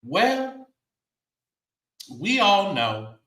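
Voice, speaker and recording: Man host, unhurried, swooping lively pitch, sassy asides, echoey room. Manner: sassy, animated, sighing and laughing asides. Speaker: show host. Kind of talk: casual commentary show.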